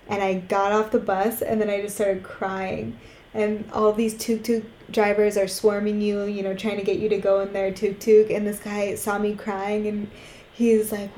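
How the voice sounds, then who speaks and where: Podcast co-host, woman, young adult. Frank, profane storyteller, mellow tone, echoey room. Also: mid-range voice, little pitch movement, moderate pace, a little hiss or hum. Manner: candid storytelling, swears freely, acts out quotes. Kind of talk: casual chat.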